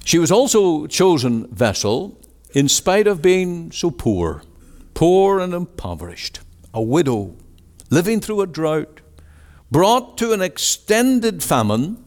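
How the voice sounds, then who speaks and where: A man's voice: fairly high pitch, big pitch swings, slow pace, a little mellow, big-room sound. A man preaching a sermon and posing rhetorical questions to his listeners.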